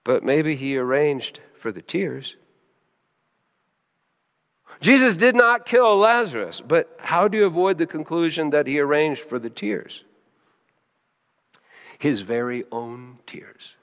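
A man preaching a sermon, dropping to hushed, quiet lines and then rising sharply into loud, high emphasis. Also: expressive, slow pace, pauses often, long reverb tail. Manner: emotional, swings between soft hushed lines and sudden loud high emphasis. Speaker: pastor.

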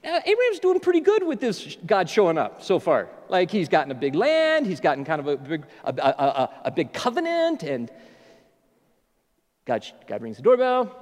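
Animated high-voiced preacher in an echoing hall. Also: male voice, moderate pace. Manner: animated, joking storyteller. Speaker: pastor. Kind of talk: sermon.

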